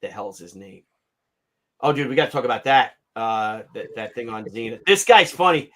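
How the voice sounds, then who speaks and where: A man in his fifties hosting a casual livestream, ranting in an animated, sarcastic and profane way. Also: medium pitch, moderate pace. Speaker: comic artist hosting a livestream.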